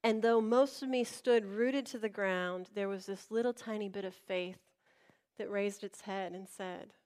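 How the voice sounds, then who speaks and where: A woman pastor preaching a sermon, telling a personal story with animated, acted-out dialogue to a congregation. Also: mid-range voice, unhurried. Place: church before a congregation.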